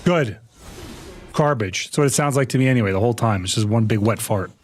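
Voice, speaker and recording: A man's voice: mid-range voice, brisk, slight background noise. A man in his thirties streaming a game live, ranting in playfully dramatic exasperation. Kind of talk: live gaming stream chat. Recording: loud music over the voice. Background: loud music playing.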